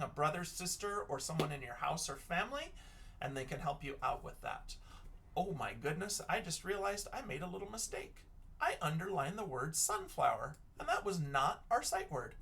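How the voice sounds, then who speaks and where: In a recorded reading lesson for children, a male teacher patiently sounds out words letter by letter. His voice is a little high with a sharp tone.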